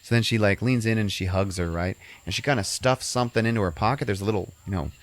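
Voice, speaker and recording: Low-voiced man rambling through a movie recap. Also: fast talker, no room sound. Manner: rambling, swears casually. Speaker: podcast host. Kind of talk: casual film recap.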